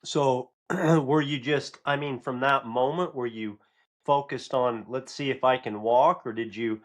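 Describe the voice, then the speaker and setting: A man hosting a podcast, asking relaxed, searching questions with small restarts. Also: mid-range voice, measured pace. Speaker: podcast host. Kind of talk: interview questions.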